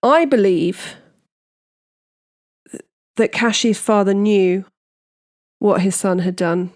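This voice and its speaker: A woman's voice: medium pitch, slow, a little mellow. A woman hosting a true crime podcast, recapping a case in a casual, indignant, opinionated way.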